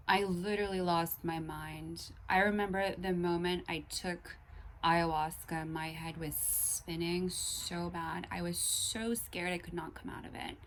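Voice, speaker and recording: A woman's voice: lowish voice, a little hiss or hum. A young woman vlogger ranting to camera in an exasperated way, swearing and at times dropping into whispers.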